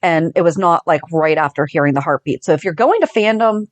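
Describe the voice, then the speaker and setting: A woman in her thirties, a podcast co-host chatting about a soap opera, telling the story fast and acting out the lines. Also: low voice, animated, no room sound, muffled recording. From Northeastern US. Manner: chatty storyteller, acting out quotes, laughing often. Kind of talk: casual chat recapping a soap opera.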